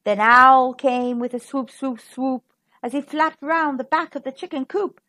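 A woman's voice: sits high, measured pace, bright, forceful tone. A woman reading a rhyming picture book aloud to children in a sing-song, rhythmic way. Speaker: storybook reader. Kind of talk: children's storybook read-aloud.

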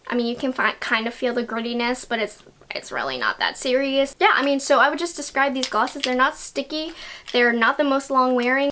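A woman's voice: high-pitched, fairly bright tone. A young woman chatting casually and enthusiastically as she reviews beauty products, laughing at herself now and then.

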